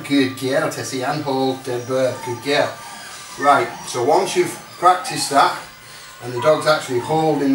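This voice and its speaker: A man with a Northern English accent, a dog trainer showing a retrieve lesson and breaking off to give commands to his dog. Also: on the high side. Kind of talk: outdoor training demonstration. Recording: distant mic, roomy and noisy.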